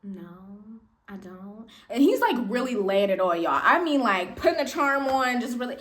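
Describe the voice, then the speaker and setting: A young woman telling a story from her own life, chatty and playful. Her voice sits fairly high and leaps up and down a lot, with dramatic jumps for emphasis. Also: big pitch swings, a little fast. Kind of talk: casual storytime.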